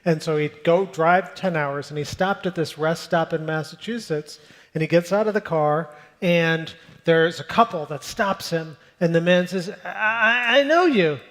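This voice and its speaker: Higher-voiced male moderator in a reverberant hall. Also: fairly even intonation. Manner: friendly, brisk, with filler "um"s. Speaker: interviewer and moderator. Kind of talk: onstage conversation with storytelling. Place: event hall before a live audience.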